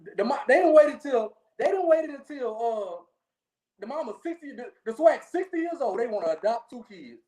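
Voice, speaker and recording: A woman co-hosting a sports podcast, telling stories in a lively way, laughing often and tagging lines with "okay?". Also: on the high side, normal speed. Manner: animated storyteller, keeps repeating okay, laughs often. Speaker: podcast co-host. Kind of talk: casual sports chat.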